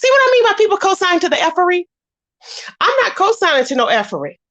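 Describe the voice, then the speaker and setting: A woman with a very high voice that swings widely in pitch talks fast, her tone a bit bright and the sound lo-fi. Hosting a livestream, she delivers a blunt, scolding rant packed with curses and repeated phrases, pausing now and then to greet her viewers.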